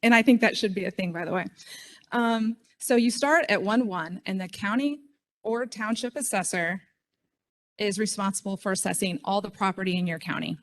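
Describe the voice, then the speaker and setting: A middle-aged woman speaks at a conference podium. Her delivery is chatty and self-deprecating, full of ums and quick asides as she talks to the room. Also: medium pitch, slight background noise. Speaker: state official speaking at a conference. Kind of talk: conference speech.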